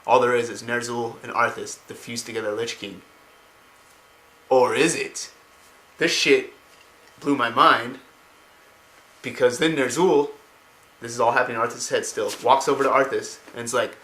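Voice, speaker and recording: Excited, rambling man in an echoey room. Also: mid-range voice, moderate pace, long pauses. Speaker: lore explainer. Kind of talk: casual retelling of a story. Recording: roomy home recording.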